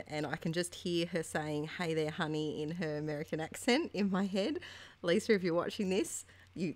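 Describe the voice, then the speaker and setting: Low-voiced chatty woman crafter. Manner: chatty, friendly, meandering. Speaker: craft vlogger. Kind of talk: casual voice-over while scrapbooking.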